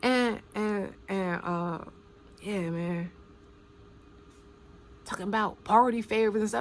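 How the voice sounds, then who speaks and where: A woman giving casual spoken commentary, talking emphatically with slang, repeating phrases for stress and sometimes dropping to a hushed near-whisper. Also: mid-range voice, slow pace, long pauses.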